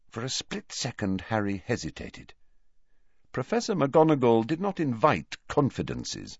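Expressive male audiobook narrator. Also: mid-range voice, a little slow, creaky, slightly rough, no echo. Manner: expressive, varied storytelling. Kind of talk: scripted narration. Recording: dull lo-fi dry recording.

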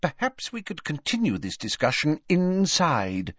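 Brief: man reading as stiff uneasy official, pitched up, lo-fi audiobook. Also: wildly swooping pitch, a little slow, a bit bright, husky, no room sound, exaggerated voice. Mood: curt. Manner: stammering, raised pitch. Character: nervous fussy male ministry official. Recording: dull dry lo-fi recording.

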